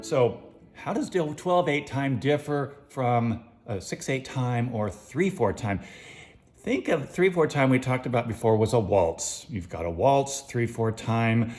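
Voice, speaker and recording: Man, music teacher, casual lesson, counts beats out loud, sings bits, mid-pitched voice, faint music behind. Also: animated, measured pace.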